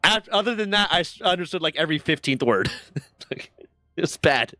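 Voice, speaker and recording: A man's voice: fairly high pitch, animated, moderate pace, bright, forceful tone, no room sound. Streamer host: an American man who rambles and curses and laughs easily, recorded dry and up close. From United States. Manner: profane, rambling, laughs often. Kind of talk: casual podcast-style chat.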